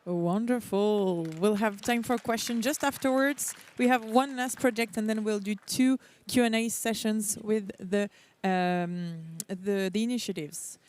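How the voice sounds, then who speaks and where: A moderator introducing the next pitch at a conference, playful in manner. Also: fairly even intonation, measured pace, few pauses, a little mellow. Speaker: session moderator.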